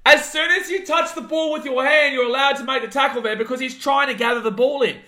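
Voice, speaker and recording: A young Australian man hosting a live watch-along of a rugby league match, calling the play, reading chat and ranting, shouting at big moments. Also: extremely high pitch, fast talker. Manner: excitable, rants, shouts at big plays.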